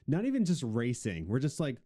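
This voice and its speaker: A man's voice: mid-range voice, wildly swooping pitch, a little fast, warm tone. A young adult man co-hosting a podcast in casual, rambling chat, with a jokey, self-mocking way of talking. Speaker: podcast co-host.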